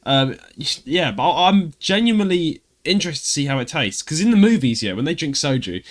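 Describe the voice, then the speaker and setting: A man with a Cockney accent, co-hosting a casual podcast and telling stories with loud acted outbursts. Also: on the high side, sing-song, a little fast. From London, England. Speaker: podcast co-host.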